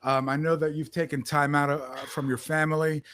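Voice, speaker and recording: A man's voice: fairly high pitch, flat delivery, a bit bright, no echo. A male co-host with a somewhat raised voice, speaking in a casual, appreciative manner. He halts and repeats himself as he thanks his guest. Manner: appreciative, halting with fillers and repeats. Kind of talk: casual chat.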